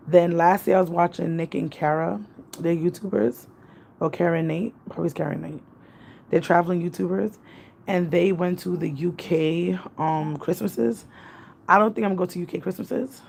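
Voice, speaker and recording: Gravelly chatty woman. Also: on the low side, a little mellow. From Jamaica. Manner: rambling, chatty, reads out viewer comments. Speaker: vlogger. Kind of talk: casual livestream chat. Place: apartment in the city. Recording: faint background noise.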